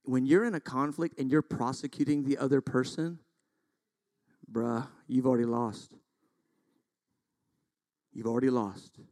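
A man's voice: mid-range voice, steady tone, unhurried, pauses often, no room sound. Intense, emphatic man preaching a sermon. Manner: intense, builds to loud emphatic peaks; self-deprecating asides. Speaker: pastor.

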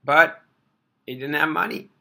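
A man telling an inspirational religious story in an animated, expressive way. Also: fairly high pitch, measured pace, creaky.

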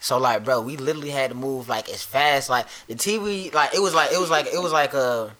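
A young adult man co-hosting a casual chat, telling stories in an animated way, swearing often and repeating his words. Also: medium pitch, fairly quick. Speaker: podcast co-host.

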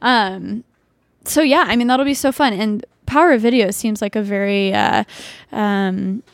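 A young adult woman chatting casually as a podcast guest, full of filler words and lively asides. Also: mid-range voice, measured pace, dry recording, clean studio sound. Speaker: podcast guest and video creator. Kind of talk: casual conversational chat.

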